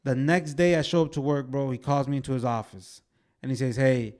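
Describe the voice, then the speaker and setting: Animated man telling stories on a podcast. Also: mid-range voice, a little fast. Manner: animated storytelling, fillers like "way" and "bro". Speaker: podcast co-host. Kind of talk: casual chat.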